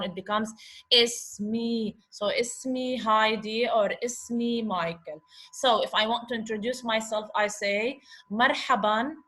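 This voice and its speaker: A woman teaching a slow online lesson, patiently repeating and sounding out letters over a video call. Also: a little high, pushed and bright. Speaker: Arabic teacher.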